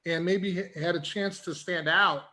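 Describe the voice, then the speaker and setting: A man's voice: sits high, fairly even intonation, unhurried, bright, forceful tone. A man hosting a podcast interview, asking questions full of fillers and restarts. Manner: hesitant, filler-heavy questions. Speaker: podcast host.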